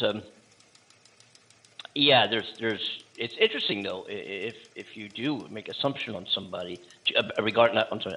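A man co-hosting a casual talk show, speaking haltingly with many fillers and restarts and laughing often. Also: lowish voice, pushed and bright, poor audio. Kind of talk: casual chat.

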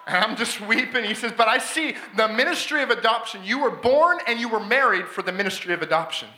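A man preaching a sermon as a guest speaker, telling a story with excitement, frequent restarts and laughter. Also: high-pitched, echoey room. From Canada. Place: church sanctuary.

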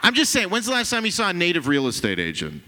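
A brash, profane man works a comedy club crowd in a bright, forceful voice. His pitch swings widely as he teases the audience. The long reverb of the room hangs behind him, with a faint hiss. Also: huge pitch swings, fast talker. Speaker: stand-up comedian. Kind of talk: stand-up set with crowd work.

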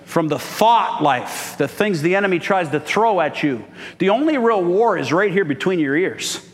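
A man's voice: sits high, lively intonation, normal speed, long reverb tail. A man pastor preaching a sermon, calling out for "Amen" from the congregation. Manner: call-and-response preaching, frequent "Amen?". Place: church sanctuary.

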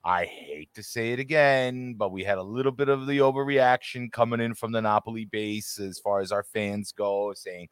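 An upbeat man co-hosting a live fan podcast, his pitch sitting a little low. He chats casually and greets viewers by name. The sound is dry and close, with no room echo. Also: normal speed, few pauses, smooth. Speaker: podcast co-host. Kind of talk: casual live-stream chat. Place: home studio with green screen.

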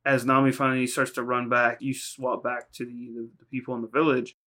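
A man's voice: mid-range voice, flat delivery, brisk, sharp tone. A man co-hosting a podcast, casually recapping anime episodes in a rambling, profane way, acting out lines in quoted voices. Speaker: podcast co-host.

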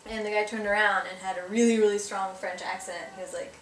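A woman's voice: medium pitch, quick pace. Podcast co-host, female, giggly storyteller, sounds distant in an echoey room. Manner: giggly, animated, filler-heavy. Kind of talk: casual storytelling. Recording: echoey room, distant mic, faint noise.

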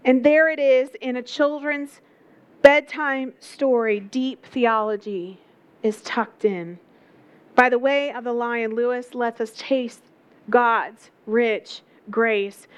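A woman's voice: a little high, muffled recording. A woman preaching a sermon, telling a story with emphatic repetition.

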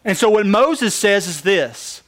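A man's voice: high-pitched, lively intonation, a little slow, fairly bright tone. A man preaching a sermon, asking the congregation questions and answering them with emphasis. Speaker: pastor.

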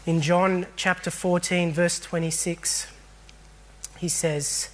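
A man's voice: high voice, flat delivery, takes it slowly, a bit bright. A man preaching a sermon in an earnest, reflective way, often repeating phrases for emphasis.

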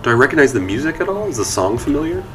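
A man playing in a tabletop game, calmly describing his character's actions and asking questions. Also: mid-range voice, rapid-fire. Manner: calm, matter-of-fact questions and actions. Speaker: player.

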